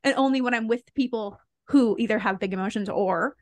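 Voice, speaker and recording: A woman's voice: fairly high pitch, fairly quick, dry recording. A young woman guesting on a podcast, talking candidly and loosely with lots of filler words and frequent laughs. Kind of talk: casual conversation.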